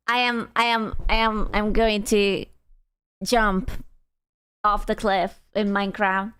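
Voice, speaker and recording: A woman's voice: mid-range voice, level tone, slow, fairly bright tone, smooth. A woman streamer chatting casually with her viewers, dramatic and self-deprecating, swearing freely.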